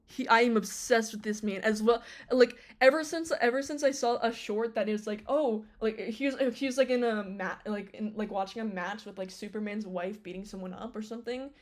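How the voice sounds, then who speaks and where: A woman's voice: mid-range voice, a little fast, few pauses. A young woman streamer chatting casually on a live stream, rambling with many fillers and restarts.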